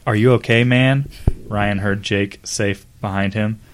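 A man's voice: fairly low pitch, fairly even intonation, unhurried, smooth. A man reading fan fiction aloud as a comedy podcast host, acting out the dialogue and breaking into laughs. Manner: reads dramatically, breaks into laughter and asides.

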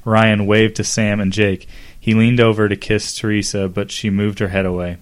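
A man's voice: fairly low pitch, flat delivery, normal speed. A man reading fan fiction aloud as a comedy podcast host, acting out the dialogue and breaking into laughs. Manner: reads dramatically, breaks into laughter and asides.

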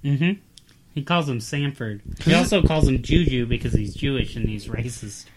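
A man co-hosting a podcast, watching a show and trading teasing jokes in quick banter. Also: medium pitch, very noisy. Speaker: podcast co-host. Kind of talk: casual joking commentary.

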